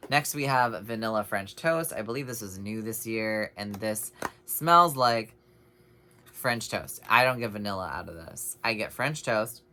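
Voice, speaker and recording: A man's voice: on the low side, animated, unhurried, bright, forceful tone, slight background noise. A man giving a casual, rambling review of home fragrances, chatty and full of little tangents. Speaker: scent reviewer.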